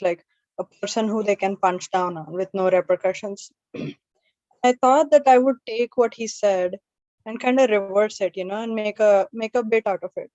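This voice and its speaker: A woman's voice: medium pitch, a little mellow, no room sound, lo-fi sound. A woman hosting an open mic and doing stand-up, telling stories in a chatty, self-deprecating way. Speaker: open mic emcee and comedian.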